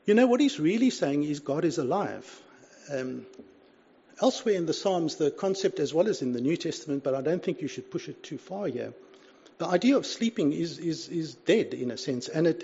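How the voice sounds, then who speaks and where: High-voiced guy preaching, earnest and chatty, lo-fi muffled recording. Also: warm tone, breathy edge. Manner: earnest, conversational, repeats "you see". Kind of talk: sermon. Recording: dull lo-fi recording.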